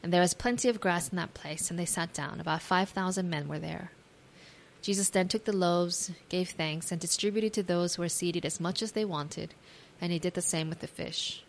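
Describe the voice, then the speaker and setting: A woman with a slightly low voice tells a Bible story as a devotional talk. She reads scripture aloud and then imagines the scene in her own words, adding gentle asides to the listener. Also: normal speed, a little hiss or hum. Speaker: devotional speaker.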